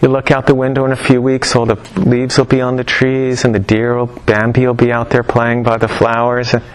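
A man's voice: mid-range voice, completely flat delivery, fairly quick, low-quality recording. Middle-aged male lecturer, conversational and wry, loose teaching style with storytelling asides. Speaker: teacher of Chinese medicine. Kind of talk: informal lecture to a class.

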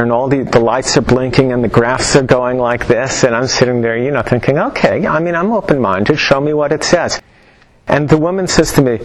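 A man's voice: mid-range voice, poor audio. Middle-aged male lecturer, conversational and wry, loose teaching style with storytelling asides. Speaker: teacher of Chinese medicine. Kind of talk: informal lecture to a class.

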